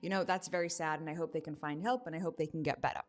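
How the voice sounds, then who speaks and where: A woman's voice: low-pitched, fairly even intonation, very fast. A woman hosting a livestream, reacting to clips with emphatic, exasperated commentary. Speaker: livestream host.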